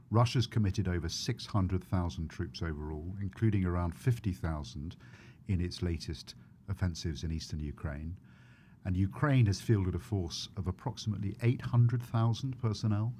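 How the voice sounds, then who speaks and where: A middle-aged man, a journalist co-hosting a podcast, framing topics and questions in a brisk presenter manner. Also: low-pitched, warm tone, slight background noise.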